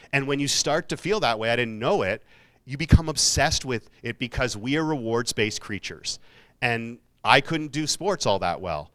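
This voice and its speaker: A man with a medium-pitched voice that's sharp, clear, and resonant serves as keynote speaker in a university hall. He motivates students in a casual, joking style, adding self-mocking asides.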